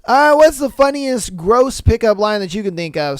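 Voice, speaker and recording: Joking, slangy podcast host with a smooth voice. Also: mid-range voice, unhurried, no echo. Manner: laid-back, joking, slangy, laughs at own bits; slips into exaggerated voices to act out quotes. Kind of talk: casual solo podcast chat.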